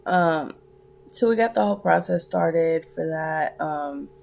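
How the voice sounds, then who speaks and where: Sleepy young woman vlogging, kinda low raspy voice, lots of um and restarts, talks slow. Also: darkish tone. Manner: halting, many fillers and restarts. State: tired. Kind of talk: casual chat to camera.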